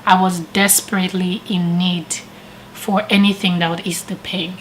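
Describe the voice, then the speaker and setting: A woman's voice: on the low side, moderate pace, slight background noise, rough recording. Woman animatedly retelling a story. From living in Canada. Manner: animated retelling, laughs often. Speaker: vlogger. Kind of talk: casual storytelling.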